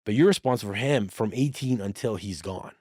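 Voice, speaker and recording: A man guest on a podcast, telling a personal story in casual chat, animated and swearing freely while acting out what others said. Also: fairly low pitch, fairly quick, no echo, clean studio sound. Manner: animated, swears freely, acts out quoted dialogue.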